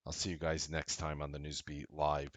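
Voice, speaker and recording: A man hosting a trading show, giving a casual, blunt motivational talk that grows loud and emphatic, with frequent swearing. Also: a bass voice, completely flat delivery, moderate pace, no room sound. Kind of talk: motivational talk to a live audience.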